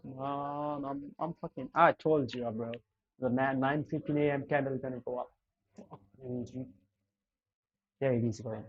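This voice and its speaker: A man's voice: mid-range voice, steady tone, measured pace, long pauses, highs cut off. A man streaming live trades, smoking a cigarette while talking to his chat in an exasperated, heavily cursing way. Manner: exasperated, heavy cursing, talks to chat as "dude" and "bro".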